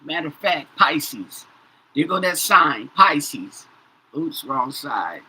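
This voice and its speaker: A woman's voice: deep voice, big pitch swings, takes it slowly, sharp tone, breathy edge, rough recording. Chatty woman reading tarot cards. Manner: says "okay?" after nearly every phrase, repeats herself. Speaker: tarot reader. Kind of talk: casual tarot reading to viewers.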